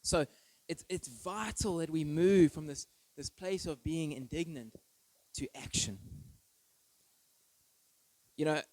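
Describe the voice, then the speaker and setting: Man preaching, earnest and emphatic, rhetorical questions, slightly high voice, dry close sound. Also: takes it slowly, darkish tone, no room sound, rough recording. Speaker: pastor. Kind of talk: sermon. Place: church.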